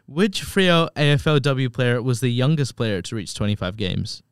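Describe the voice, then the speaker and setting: A man's voice: medium pitch, animated, normal speed, clear, resonant tone, no room sound, studio quality. A young Australian man co-hosting a casual podcast, reading out quiz questions in a plain, matter-of-fact way from a podcast booth. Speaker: podcast co-host running a quiz.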